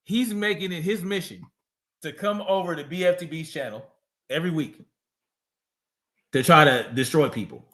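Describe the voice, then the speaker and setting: A man's voice: fairly high pitch, moderate pace, pauses often, pushed and bright. A man hosting a livestream, reacting to a clip with profane, mocking casual commentary. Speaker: livestream host.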